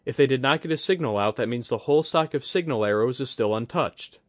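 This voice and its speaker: A man playing an earnest young male samurai commander who speaks in a measured, decisive way. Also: mid-range voice, animated, dry recording, pitched above the performer's own voice, close to an everyday voice.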